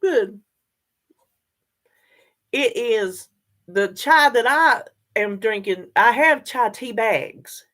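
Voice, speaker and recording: A woman's voice: fairly high pitch, drawn-out words, long pauses. An older woman, chatting casually and directly to her viewers in a vlog. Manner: chatty, animated, talks straight to viewers. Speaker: vlogger.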